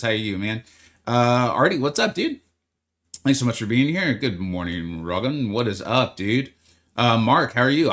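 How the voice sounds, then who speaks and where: A man's voice: medium pitch, a bit bright. Upbeat man streaming a game live. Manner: upbeat, greets chat by name, chatty. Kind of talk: live stream chat with viewers.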